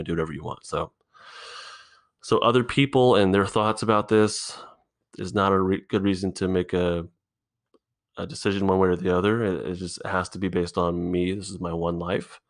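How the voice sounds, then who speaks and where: A man hosting a solo podcast, thinking out loud in a halting, rambling way, swearing often, recorded in an indoor room. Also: deep voice. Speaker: podcast host.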